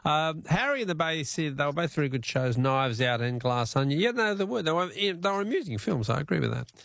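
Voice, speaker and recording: Gravelly, chatty Australian radio host. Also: male voice, fairly high pitch, expressive, fairly quick, fairly bright tone, no room sound, studio quality. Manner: chatty, chuckling, self-deprecating. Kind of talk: casual radio talkback chat. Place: radio studio. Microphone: studio microphone.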